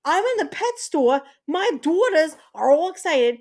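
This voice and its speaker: A woman's voice: very high-pitched, measured pace. A woman in her thirties hosting a live stream, chatting casually and telling stories with lots of swearing. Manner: animated, profane storytelling. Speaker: livestream host.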